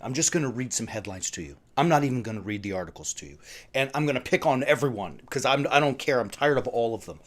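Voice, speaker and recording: A man hosting a faith livestream, ranting in agitation and reading news headlines aloud. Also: medium pitch. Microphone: streaming setup.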